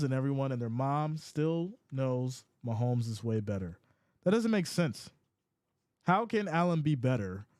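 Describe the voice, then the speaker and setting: A man hosting a casual live sports reaction stream, reading chat comments aloud in a playful, animated way. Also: mid-range voice, dry recording, clean studio sound. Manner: animated and playful, often laughs.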